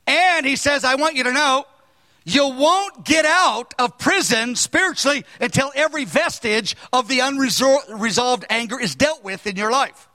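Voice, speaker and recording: A man in his sixties preaching a sermon, earnest and emphatic, now and then raising his voice to a shout. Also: extremely high pitch, moderate pace, in a large hall.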